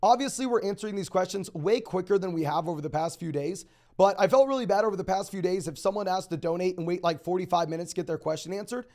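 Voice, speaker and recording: A young man hosting a live stream, answering viewer questions in a rapid, auctioneer-like delivery. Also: high-pitched, a little mellow. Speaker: fantasy football host.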